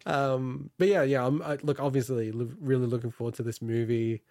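A man's voice: medium pitch, fairly even intonation, brisk, a little mellow. A man co-hosting a gaming news podcast, chatting casually, laughing often and interrupting himself. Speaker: podcast co-host reading the news.

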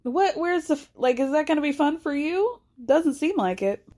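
A woman's voice: sits high, lively intonation, normal speed, warm tone. A woman hosting a casual chat, recapping with sarcasm and frequent laughter. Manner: sarcastic, laughs often, acts out quotes. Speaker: podcast host recapping a reality show. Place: outdoors in a city, passersby watching.

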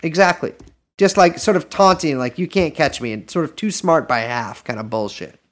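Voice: mid-range voice, animated, moderate pace. A podcast co-host chatting casually, with dry, wry asides. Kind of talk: casual chat.

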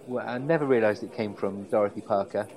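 A man co-hosting a podcast, chatting casually and telling stories with a relaxed, relishing delivery. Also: fairly low pitch, quick pace, low-quality recording. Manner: relaxed storytelling, savoring quotes. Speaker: podcast co-host. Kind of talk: casual chat.

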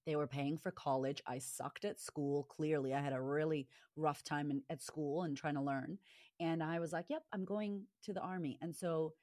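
Low-voiced woman telling her story candidly. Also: no room sound, studio quality. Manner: emphatic, quick bursts, animated when quoting herself. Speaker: guest, confidence coach.

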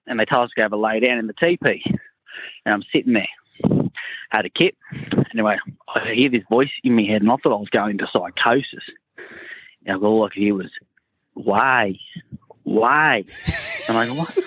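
A man's voice: lowish voice, a little fast, fairly bright tone, husky, dry recording, dull audio. An Australian man telling a crude, rambling anecdote in a recorded voice message. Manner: crude, laid-back yarn-spinning. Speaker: caller sending in a voice message.

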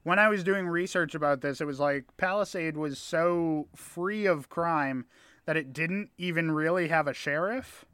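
A man's voice: on the high side, normal speed, fairly bright tone, clear, resonant tone, no echo. A man telling a rambling story in casual chat with friends, swearing now and then. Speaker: podcast co-host telling a story.

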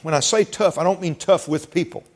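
A man's voice: fairly high pitch, fairly quick, a little mellow. A man preaching a sermon as pastor, folksy, repeating words and rising for emphasis.

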